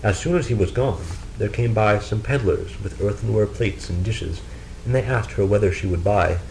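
Deep gravelly male storyteller. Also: a little hiss or hum, low-quality recording. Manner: steady, measured storytelling. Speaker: narrator. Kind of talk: storybook reading.

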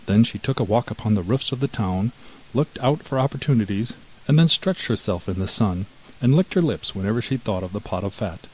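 A man narrating a fairy-tale audiobook in measured storytelling. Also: on the low side, lively intonation, a little mellow, slight background noise, low-quality recording.

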